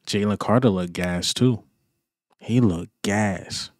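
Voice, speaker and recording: A man's voice: fairly low pitch, slow, dry recording, studio quality. A man vlogging a frustrated, emphatic sports reaction rant, repeating his points in casual slang.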